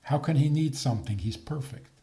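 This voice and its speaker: A man's voice: mid-range voice, a little fast. An older man, a rabbi, giving a talk on faith with jokes and rhetorical questions. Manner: animated, joking, rhetorical questions.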